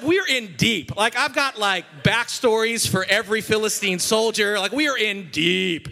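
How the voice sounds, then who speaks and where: A senior pastor giving a sermon in church, a man with a high, bright, forceful voice. He tells stories playfully and with lots of animation, drawing the congregation in. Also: moderate pace, creaky, hardly any pauses.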